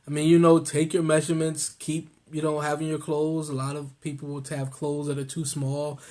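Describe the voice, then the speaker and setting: A man's voice: fairly high pitch, monotone, brisk, darkish tone. A man co-hosting a casual weight-loss vlog, laid-back and joking as he gives advice. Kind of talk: casual chat.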